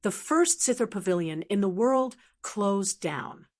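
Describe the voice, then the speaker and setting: A woman's voice: mid-range voice, lively intonation, a little slow, a little mellow, close to an everyday voice. A woman voicing a frightened male servant who pleads bitterly, in an audiobook. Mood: pleading.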